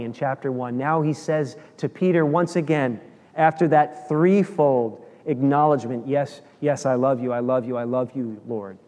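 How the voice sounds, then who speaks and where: A man preaching a sermon as a pastor, animated, acting out quoted dialogue as he tells the story. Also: a little high, big-room sound.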